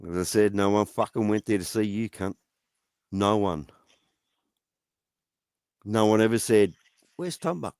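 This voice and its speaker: A man's voice: fairly low pitch, fairly even intonation, measured pace, pauses often, a little mellow, smooth, no room sound. A man in a profane, taunting rant, firing goading questions at someone. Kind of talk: angry rant.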